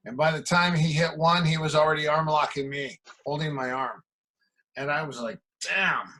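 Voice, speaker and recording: A middle-aged man from the Midwest who coaches martial arts tells casual stories as a podcast guest, playing out quoted exchanges. His voice runs on the high side, steady and bright with a forceful tone, at a moderate pace, over a rough recording.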